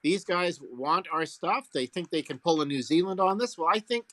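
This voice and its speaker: A man's voice: fairly high pitch, lively intonation, normal speed, fairly bright tone, no room sound. A man from Canada on a firearms advocacy panel, speaking emphatically and rallying listeners to act. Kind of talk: casual panel discussion.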